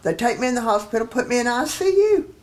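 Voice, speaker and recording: A woman evangelist telling healing testimonies in a television studio interview, lively and acting out quoted dialogue as she goes. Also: a little high, fast. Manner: lively storyteller who acts out quoted dialogue.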